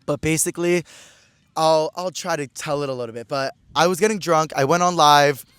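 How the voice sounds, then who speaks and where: Fast-talking young man spinning a story. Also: fairly high pitch, a bit bright, smooth, dry recording. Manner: chatty, slangy, peppered with "like". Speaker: podcast host. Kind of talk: casual storytelling.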